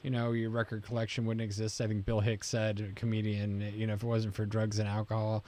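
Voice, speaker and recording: A man hosting a radio talk show, explaining ideas with a relaxed, drawn-out analogy. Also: lowish voice. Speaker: radio host. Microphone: studio mic.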